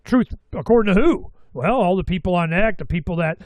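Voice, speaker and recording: A man's voice: sits high, fairly quick, no room sound. A middle-aged man hosting a talk show, telling rambling stories with quoted asides and the odd curse. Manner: animated storytelling with quoted asides and mild cursing. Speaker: radio show host.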